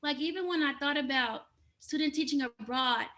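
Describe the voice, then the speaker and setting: A woman's voice: high voice, normal speed, pushed and bright. A woman guest from Indiana in casual chat, rambling and breaking into giggles. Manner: rambling, self-interrupting, giggly.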